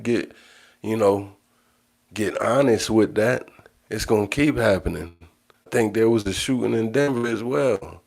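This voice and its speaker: A man's voice: fairly low pitch, creaky, darkish tone. A man hosting his own livestream, talking in a blunt, profane monologue that repeats phrases for emphasis. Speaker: livestream host.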